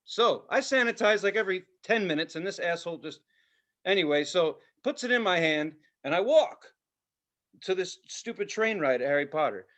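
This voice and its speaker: A man co-hosting a podcast in casual chat, telling profane, animated stories and mimicking voices. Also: high-pitched, moderate pace. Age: adult with a child. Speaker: podcast co-host.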